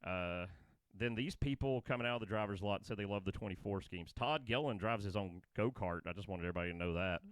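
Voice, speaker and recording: Excitable rambling man. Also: on the low side, quick pace, hardly any pauses, no echo. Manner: rambling, laughing, excitable storytelling. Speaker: podcast co-host. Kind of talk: casual chat.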